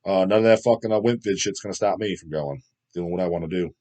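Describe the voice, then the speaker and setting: A man's voice: deep voice, fast, dark tone. A man hosting a casual metal podcast, rambling and profane, often trailing off as he searches for names while reading viewer comments. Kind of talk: casual chat.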